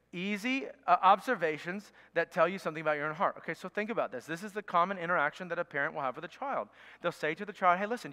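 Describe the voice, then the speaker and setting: High, bright-voiced man preaching in a hall. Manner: conversational teaching with frequent okays and restarts. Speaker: pastor. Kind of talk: sermon. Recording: reverberant hall.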